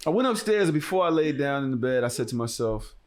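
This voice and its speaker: A man's voice: mid-range voice, quick pace. A young man hosting a podcast, telling a story in casual chat, profane and acting out the voices of the people in it. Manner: animated, profane, swings into loud acted-out quotes. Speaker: podcast host.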